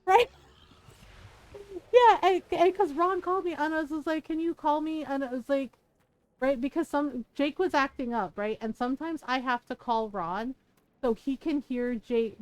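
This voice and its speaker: A middle-aged woman streamer telling a story in casual chat, animated and profane, laughing as she talks. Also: sits high, unhurried, rough recording. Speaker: live streamer.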